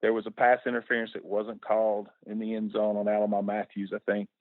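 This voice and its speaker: A middle-aged former coach talks casually in a radio interview over a tinny phone line, folksy and repeating words when moved. His voice is on the low side and monotone, quick-paced, on a dry recording.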